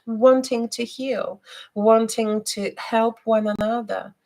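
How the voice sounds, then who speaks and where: A woman hosting a live stream and giving spiritual readings, talking gently with many hesitations and repeated words. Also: mid-range voice. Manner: soft and gentle, guiding breathing.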